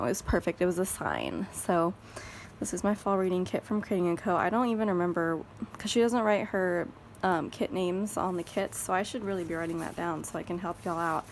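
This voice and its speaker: A woman with a Texan accent talks casually at her home craft desk, rambling as she thinks aloud. Her voice sits low with a gravelly, creaky edge. A faint hum of background noise runs underneath. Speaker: planner vlogger. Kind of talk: casual chat.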